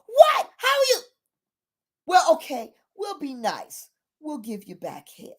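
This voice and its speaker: A shrewd older farmer, as a woman retelling a story puts him on, calm and unhurried. He lays things out in a matter-of-fact way. The voice stays fairly high.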